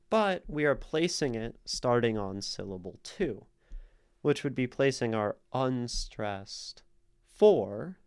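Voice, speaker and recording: Guy on a stream slowly talking thru poem rhythm, smooth clear voice, says da-dum a lot. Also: mid-range voice. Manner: thinking aloud, sounding out stress patterns. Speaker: streamer analyzing poetry. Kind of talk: casual explanation on a live stream.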